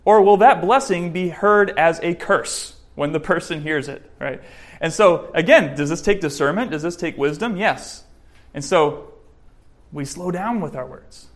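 High-voiced man preaching with lively humor. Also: unhurried. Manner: lively, joking preaching, varied pitch and loudness. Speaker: pastor. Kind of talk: sermon.

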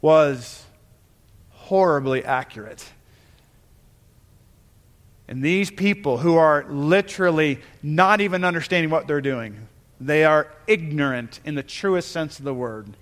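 Speaking in a fairly high, slightly bright voice, a pastor delivers an earnest, emphatic sermon to his congregation in a church sanctuary. He stops and starts again while building each point, with the long reverb of the church hall echoing.

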